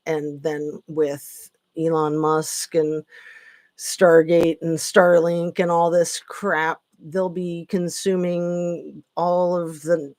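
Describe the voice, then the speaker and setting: A woman's voice: low-pitched, level tone, takes it slowly, a little mellow. A woman hosting a live stream, rambling and sarcastic with lots of fillers, tired late at night. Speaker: political commentary channel host. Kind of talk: casual live-stream commentary.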